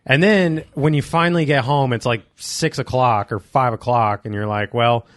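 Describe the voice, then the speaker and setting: A young man on a casual podcast gripes bluntly and swears freely. His voice sits at a middle pitch. It is recorded dry and close. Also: normal speed, no room sound. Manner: blunt, profane complaining. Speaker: podcast co-host. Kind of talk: casual chat.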